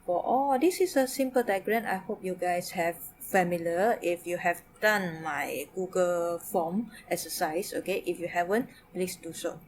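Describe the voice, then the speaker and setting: A woman's voice: fairly low pitch, measured pace, hardly any pauses, slight background noise. A woman from Malaysia with a Malaysian English accent, teaching a Mandarin lesson. She mixes English, Malay and Mandarin and says "okay" again and again. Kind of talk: recorded online lesson.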